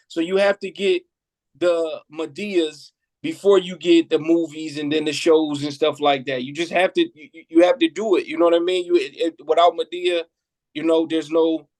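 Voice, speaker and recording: A man with a slightly high voice talks in a casual podcast chat. His delivery is relaxed and loose, with many filler checks. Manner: relaxed, leans on "you know what I mean".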